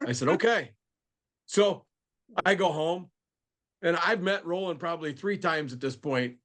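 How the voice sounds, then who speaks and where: A man joining a video call as a guest, telling a funny story casually. He acts out the people he quotes with lively shifts. His voice sits slightly high. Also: normal speed.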